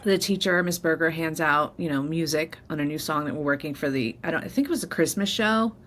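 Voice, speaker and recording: A woman's voice: sits low, fairly quick, fairly bright tone, slight background noise. A middle-aged woman host sharing a candid personal story, emotional and close to tears. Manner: emotional, candid, tearful at times. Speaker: podcast host.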